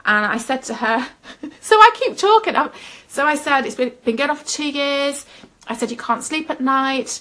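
A woman's voice: sits high, steady tone, moderate pace, bright, forceful tone. A woman giving a personal testimony in an earnest storytelling manner, often laughing at herself. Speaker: Christian speaker.

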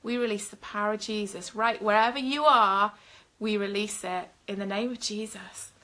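A woman's voice: mid-range voice, steady tone, normal speed, sharp tone. A middle-aged woman minister leading a live-streamed prayer session, fervent and speaking straight to viewers with frequent ums. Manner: fervent, talks directly to viewers with filler ums.

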